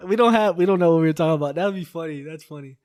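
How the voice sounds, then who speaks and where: A man's voice: a little high, racing, a little mellow, dry recording, clean studio sound. A young man co-hosting a podcast, chatting casually in a joking, teasing, rambling way. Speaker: podcast co-host. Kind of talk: casual chat.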